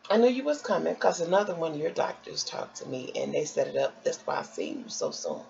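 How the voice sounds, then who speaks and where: A woman voicing a calm, reassuring male doctor who explains things softly and steadily. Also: low voice, a little fast, vocal fry, voice pushed down, full character voice. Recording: dull lo-fi with faint noise.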